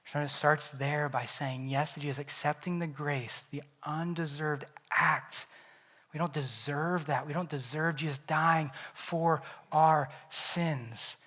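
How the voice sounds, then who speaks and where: A man preaching a sermon as pastor, animated and acting out the Bible characters in quoted voices. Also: on the high side, a little slow.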